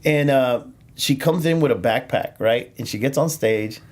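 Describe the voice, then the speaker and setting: A man's voice: medium pitch, normal speed, darkish tone. Laughing, rambling male comedian telling stories. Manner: rambling, laughs often, lots of fillers and restarts. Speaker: stand-up comedian. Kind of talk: casual podcast storytelling.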